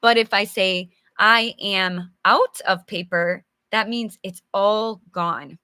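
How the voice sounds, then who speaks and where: Bright-voiced, slow-paced woman teaching English. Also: medium pitch, fairly even intonation, smooth, no echo. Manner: chatty and encouraging, answers viewers' comments by name; acts out examples with sighs and groans. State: slightly losing her voice. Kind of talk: live English storybook lesson.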